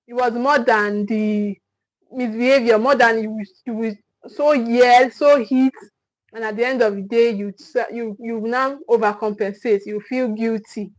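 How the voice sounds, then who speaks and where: A woman's voice: fairly high pitch, low-quality recording. Emphatic Nigerian woman coaching parents live. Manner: repetitive, emphatic, thanks viewers often. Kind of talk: live-stream teaching talk.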